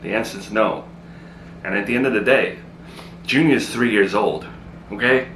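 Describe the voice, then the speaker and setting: Exasperated man, low voice in an echoey room. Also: a bit bright, a little hiss or hum. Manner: exasperated, quick to argue. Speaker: comedy sketch creator. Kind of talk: comedic sketch acting.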